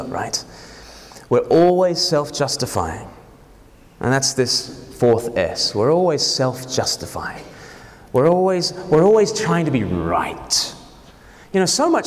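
Man, sermon, animated, questioning, echoey hall. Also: medium pitch. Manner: animated, joking, asks the congregation questions. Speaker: preacher.

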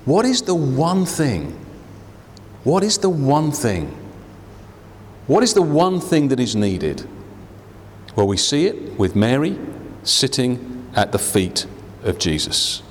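A man's voice: slow, pauses often, slight background noise. A man preaches a sermon in a church, with a voice that rises and falls a great deal. He acts out the people he quotes. Long reverb hangs around his words. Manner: expressive, acts out quoted voices with big pitch swings. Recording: hall reverb.

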